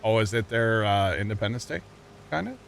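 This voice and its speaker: Streaming a farming game, this U.S. man talks with his audience in a loose, jokey ramble and keeps cracking up at his own wordplay. His voice is fairly low, gravelly, brisk, and expressive, and there's slight background noise.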